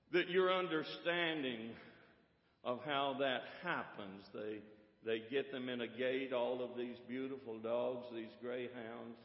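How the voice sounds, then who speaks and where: A male pastor delivers a sermon in measured, repetitive storytelling. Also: medium pitch. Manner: slow, measured storytelling with repeated words. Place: church sanctuary. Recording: echoey church hall, dull lo-fi sound.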